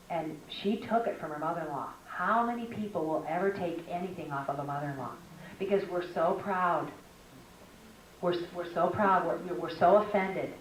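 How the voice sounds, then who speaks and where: With a lowish voice and a moderate pace, an older woman gives a story-filled, humorous and chatty teaching talk at a women's conference. The recording comes from a distant mic in an echoey hall, with slight background noise.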